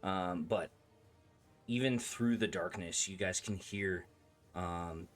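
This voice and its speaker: A man's voice: sits low, slow, soft background music. A man narrating as game master in a tabletop game, describing scenes in a hesitant way with many fillers.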